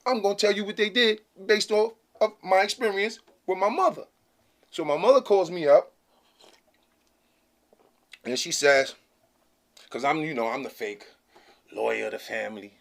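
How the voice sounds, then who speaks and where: A man's voice: a little high, normal speed, vocal fry, long pauses. A man hosting his own channel, talking casually to camera in a blunt, slangy, emphatic way that keeps checking in with "okay?". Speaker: channel host.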